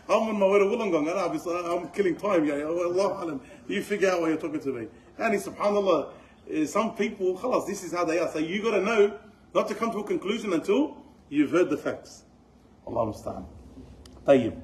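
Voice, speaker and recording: A middle-aged man giving a religious lesson, telling stories in an animated way and mixing in Arabic phrases. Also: fairly high pitch, quick pace, a little hiss or hum, poor audio. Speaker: Islamic teacher.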